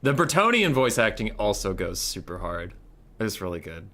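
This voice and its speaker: Young male tournament caster, bright tone, loose joking delivery with casual swearing. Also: on the low side, sing-song, moderate pace. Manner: rambling, joking, swears freely. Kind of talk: casual game commentary.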